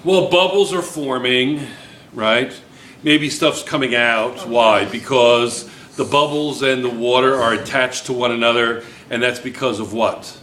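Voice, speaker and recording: A man's voice: medium pitch, measured pace, a bit bright, reverberant, a little hiss or hum. A male chemistry teacher lecturing a classroom, firing questions at students and repeating key points.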